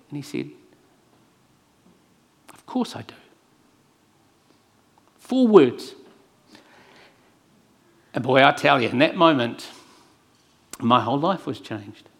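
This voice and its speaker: A man preaching a sermon and telling a personal story, earnest, moving between hushed lines and emphatic ones. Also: mid-range voice, gravelly. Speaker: pastor.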